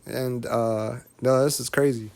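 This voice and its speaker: A man's voice: mid-range voice, fairly even intonation, measured pace, gravelly, a little mellow. Emotional, preachy man in his thirties. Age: 30s. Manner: emotional, preachy, repeats phrases. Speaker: guest, rapper and content creator. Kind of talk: candid podcast conversation.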